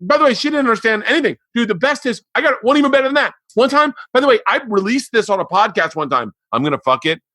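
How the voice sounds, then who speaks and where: A man hosting a podcast, telling stories in a bright, forceful voice. He acts out every quoted line and swings from low mutters up to near-shouting. The sound is dry and close to the mic. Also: fast talker, few pauses, dry recording. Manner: animated storyteller, acts out quotes and jumps to near-yelling. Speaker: podcast host. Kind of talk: casual podcast chat.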